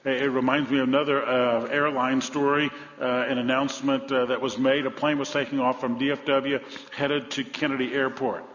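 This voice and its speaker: A man preaching a sermon, telling stories with humor and swinging between loud emphasis and low, soft lines. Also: flat delivery, moderate pace, hardly any pauses. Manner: storytelling with humor. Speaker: pastor. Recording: dull sound with long hall reverb.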